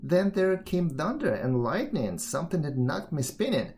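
A man voicing a big, slow, gullible male bear in a storybook reading, in a gruff, blustering manner. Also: fairly high pitch, sing-song, a little mellow, a little hiss or hum, voice pushed up. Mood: sorrowful.

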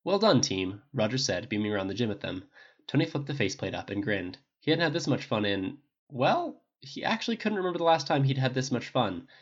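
An audiobook reader narrating fan fiction with a lively, expressive delivery. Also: mid-range voice, brisk, slightly rough, highs cut off.

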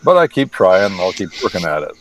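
A man's voice: sits low, sing-song, fast, slight background noise, poor audio. A man who translates the Bible, talking casually on the radio and teaching with folksy, wry asides.

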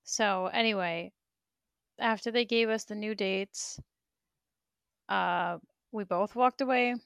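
A woman's voice: medium pitch, slow pace, vocal fry, a bit bright, clean tone, no room sound. A woman in her thirties, a bit out of breath, venting bluntly with lots of swearing on a casual livestream. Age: 30s. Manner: blunt, profane storytelling.

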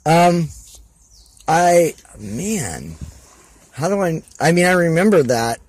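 A professional wrestler appears as a guest on a casual podcast interview, rambling loosely with plenty of fillers and restarts. His voice is on the high side, very animated yet slow, a little mellow with a breathy edge, and there's no echo.

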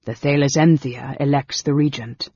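A scheming elf senator speaks low and quiet, calm and sarcastic, as a male reader puts him on. The voice is husky. It is a dry, dull lo-fi recording. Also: moderate pace, no echo, close to an everyday voice. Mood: sly.

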